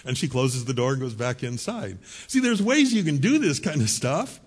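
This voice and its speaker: A middle-aged male pastor preaching a sermon in a conversational storytelling manner, with quick asides to the congregation. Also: medium pitch, animated, breathy edge.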